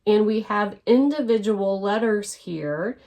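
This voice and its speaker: An older woman teaching a scrapbooking design lesson, explaining each step patiently and pausing with fillers. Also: mid-range voice, expressive, warm tone. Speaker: scrapbooking instructor. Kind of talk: instructional lesson.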